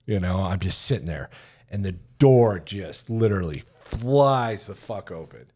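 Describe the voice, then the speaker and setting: Brief: middle-aged American ex-soldier, podcast guest, low voice, loose profane storytelling with acted-out quotes. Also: male voice, animated, unhurried, a little mellow. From United States. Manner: profane, rambling, fills speech with "like", acts out quoted lines. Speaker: podcast guest, retired Army sergeant major. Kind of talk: casual storytelling.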